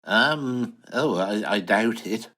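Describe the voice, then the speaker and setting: An actor playing a bumbling, posh English retiree, flustered and hesitant in a comic audio drama. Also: male voice, on the low side, lively intonation, takes it slowly, bright, forceful tone, full character voice. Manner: flustered, posh, hesitant, wildly swooping delivery. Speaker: lead character and narrator.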